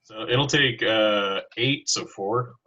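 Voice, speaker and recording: A man chats casually as a tabletop player, his words coming very slowly. His voice is husky and carries a bright, forceful edge. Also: lowish voice, dull audio. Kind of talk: casual tabletop game chat.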